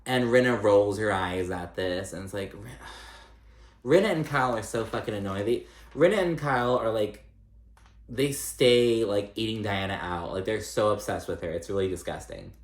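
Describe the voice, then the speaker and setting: Chatty man with a low voice in an echoey room. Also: normal speed. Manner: chatty, salty, full of "like" and "um". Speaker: reality TV recap host. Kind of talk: casual gossipy recap.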